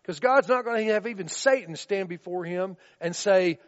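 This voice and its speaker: A man's voice: high-pitched, moderate pace, few pauses. A man preaching a sermon in a conversational way, often checking in with listeners by asking "right?", on a dull recording with long reverb in a large room.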